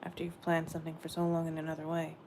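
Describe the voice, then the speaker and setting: A woman giving a gentle, meandering spiritual message she says she is channeling, often repeating her phrases. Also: low-pitched, monotone, racing, a little hiss or hum.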